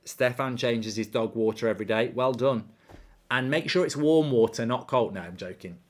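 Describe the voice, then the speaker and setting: A man's voice: medium pitch, normal speed. A man hosting a live football watchalong, ranting animatedly and swearing freely while telling an anecdote. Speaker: host.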